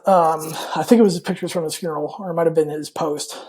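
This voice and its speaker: A man's voice: fairly high pitch, steady tone, fast talker, darkish tone, slightly rough. A man guest on a podcast telling a personal story in a candid, rambling way, full of fillers and repeated words. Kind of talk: casual storytelling in an interview.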